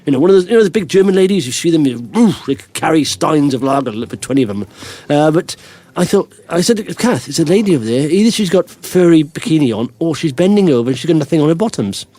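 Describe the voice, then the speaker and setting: A man's voice: a little high, expressive, fast talker, mellow, no echo. A middle-aged man hosting a podcast, telling rambling anecdotes in casual chat and chuckling often. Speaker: podcast host.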